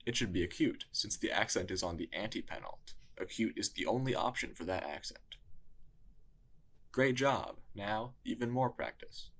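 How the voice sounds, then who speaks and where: A man narrating a scripted language lesson in a measured teaching tone. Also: on the low side, fairly bright tone, breathy edge. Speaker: tutor.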